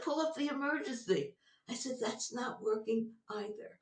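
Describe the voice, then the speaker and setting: A woman guest, older, telling a personal story in an animated way, laughing often as she talks. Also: fairly high pitch, moderate pace, distant mic. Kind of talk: storytelling in an interview. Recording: roomy sound from off-mic.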